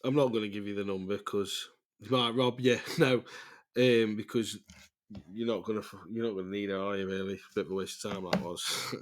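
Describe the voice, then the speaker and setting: A man talks loosely through a casual voice-note podcast, his voice sitting a little low. He rambles, stalls and swears freely, and he laughs at his own tangents. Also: fairly even intonation, brisk. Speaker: podcast host.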